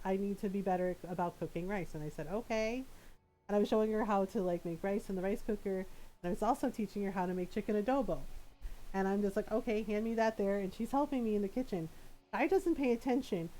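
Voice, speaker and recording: A middle-aged woman streamer telling a family story in casual chat, laughing often and acting out what people said. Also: mid-range voice. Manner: animated, laughs often, acts out quoted voices.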